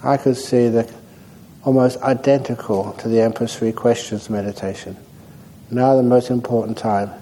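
Mellow-voiced monk giving a dharma talk. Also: male voice, medium pitch, normal speed, slight background noise, poor audio. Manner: relaxed, humorous storytelling. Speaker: Buddhist monk and meditation teacher. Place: meditation hall.

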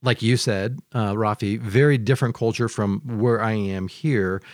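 Joking host, low voice. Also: male voice, moderate pace. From Michigan, United States. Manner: lively, joking storyteller. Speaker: podcast host. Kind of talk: casual conversation.

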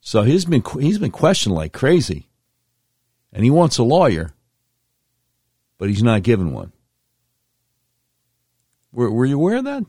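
A man's voice: medium pitch, wildly swooping pitch, unhurried, long pauses, dark tone, slightly rough, no room sound, clean studio sound. A middle-aged man hosting a talk radio show, commenting with emphatic, incredulous asides.

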